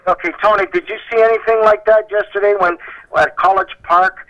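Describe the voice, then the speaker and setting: A man's voice: sits high, fairly even intonation, brisk, lo-fi sound. A man hosting a panel talk show, speaking emphatically and passionately with many restarts.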